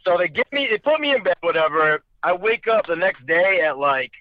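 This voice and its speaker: A man's voice: high-pitched, expressive, brisk. A young man casually telling a long, profane, rambling story, slipping into voices for quoted people. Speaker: storyteller guest. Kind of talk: casual chat. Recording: dull lo-fi dry sound.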